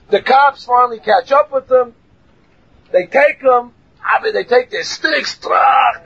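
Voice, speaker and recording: Guy teaching a torah class, high raspy voice, acts out the story loud, kinda muffled recording. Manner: animated, acts out voices and shouts for emphasis.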